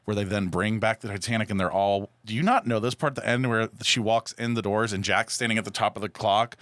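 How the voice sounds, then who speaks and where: A man co-hosting a podcast in casual chat, telling stories in an animated, jokey way and slipping into playful voices. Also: lowish voice, fairly quick, no room sound. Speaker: podcast co-host.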